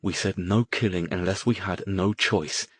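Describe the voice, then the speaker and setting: Guy doing a snappy mage doctor, curt and sharp, low voice. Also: fairly even intonation, normal speed, husky, no echo, studio quality. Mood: snapping. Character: sharp-tongued male scholar mage, snappish.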